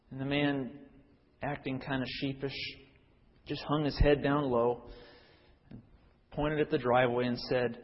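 A man's voice: medium pitch, flat delivery, measured pace, pauses often, dull audio. Man preaching in a reverberant hall. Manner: storytelling, then earnest preaching with fillers and restarts. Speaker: pastor. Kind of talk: sermon.

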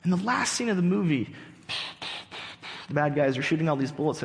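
Animated male pastor in a reverberant church. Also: on the high side, a little fast, creaky. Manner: animated storyteller, acts out characters. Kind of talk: sermon. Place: church sanctuary. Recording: long church hall reverb.

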